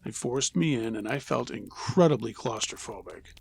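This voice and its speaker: A man narrating true scary stories in a low, steady storytelling voice. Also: moderate pace, creaky, a little hiss or hum.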